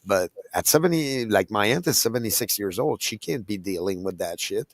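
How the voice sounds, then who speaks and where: A man with a lowish voice recounting a family story in casual chat, stumbling over restarts as he goes. The sound is dry and close, with little room echo. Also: animated. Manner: halting storytelling with many restarts. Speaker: podcast co-host.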